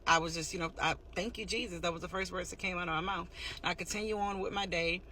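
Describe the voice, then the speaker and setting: A woman's voice: on the low side, level tone, fast, bright, forceful tone, slight background noise. A woman giving a candid, heartfelt personal faith testimony in a casual, rambling way. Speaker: testimony speaker.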